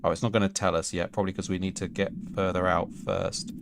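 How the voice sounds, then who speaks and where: A man's voice: deep voice, level tone, fast talker, creaky. A man streaming a video game, rambling and thinking aloud with lots of fillers, on a noisy recording. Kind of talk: casual let's-play commentary.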